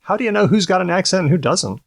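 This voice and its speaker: A man's voice: high-pitched, animated, gravelly, no echo, studio quality. A man co-hosting a casual podcast chat, explaining research and teasing his co-hosts. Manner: explanatory, teasing, quick to laugh. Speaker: podcast co-host presenting research.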